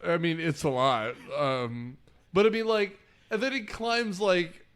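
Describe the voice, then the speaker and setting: Lively man hosting a movie podcast. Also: high voice, unhurried, clean tone. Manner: animated, acts out quotes in big voices. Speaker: podcast host. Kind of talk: casual movie-review chat.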